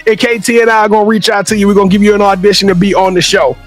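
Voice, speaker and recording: A man co-hosting a podcast, talking in a loud, sing-song, hype style and shouting praise at his guest. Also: high-pitched, level tone, very fast, faint music behind. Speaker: podcast co-host. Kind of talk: hyped podcast outro.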